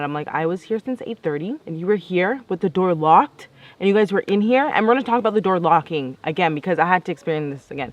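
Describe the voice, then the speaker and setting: A woman's voice: sits low, a little hiss or hum. A young woman telling a story in a casual vlog, chatty and exasperated, acting out both sides of each conversation. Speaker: vlogger.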